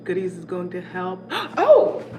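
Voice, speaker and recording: A young woman chatting away casually to her viewers, lively and talkative. She sits a little away from the mic in a roomy, echoing space. Steady background noise runs under her voice. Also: mid-range voice, normal speed. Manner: chatty, animated, reading comments aloud. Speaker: vlogger. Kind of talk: casual vlog chat. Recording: echoey room from a distance with noise.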